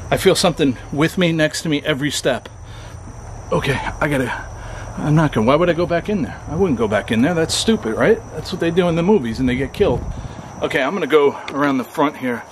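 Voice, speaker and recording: A man's voice: on the high side, a little hiss or hum. Scared man whispering and swearing at night. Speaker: paranormal vlogger. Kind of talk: nervous ghost-hunting vlog narration. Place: abandoned trailer at night, in and out of doors. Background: crickets and insects at night.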